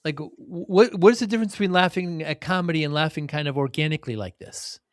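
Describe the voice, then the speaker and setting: A man hosting a podcast interview, asking quick questions and murmuring agreement while his guest talks. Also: fairly high pitch, dry recording, studio quality. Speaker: podcast host.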